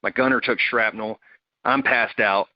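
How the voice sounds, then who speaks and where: At a measured pace and fairly low pitch, a Marine veteran spins a casual, animated tale, imitating the voices of his buddies. It's a dull, dry, close recording.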